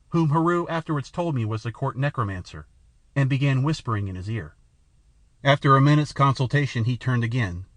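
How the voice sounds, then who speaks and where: A man narrating an adventure novel in a measured, even storytelling manner. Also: medium pitch, no echo. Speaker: audiobook narrator.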